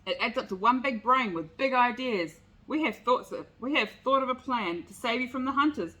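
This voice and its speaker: A woman voicing a small gnat leader shouting his plan in a read-aloud picture book. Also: medium pitch, expressive, a little fast, natural voice, low-quality recording. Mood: earnest. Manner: shouting, earnest.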